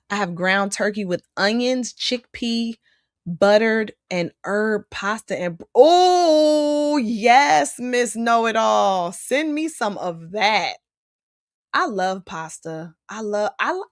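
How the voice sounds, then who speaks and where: A woman hosts a casual live stream and chats her way through viewer comments. She reacts freely and keeps up a loose back-and-forth with the chat. Her voice sits in an ordinary middle pitch, recorded close and dry. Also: a bit bright, no room sound. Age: adult. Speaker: host reading live chat.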